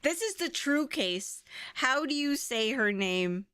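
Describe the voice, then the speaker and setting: A woman's voice: high voice, animated, takes it slowly, bright, forceful tone, clear, resonant tone, no echo. A young woman chatting playfully and giggling with her viewers while streaming a game. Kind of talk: casual livestream chat.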